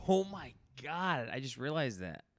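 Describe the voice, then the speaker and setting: A man's voice: mid-range voice, very animated, takes it slowly, no room sound, studio quality. A man born in the United States, hosting a podcast, telling comedic stories in casual chat and laughing mid-sentence. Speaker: podcast host.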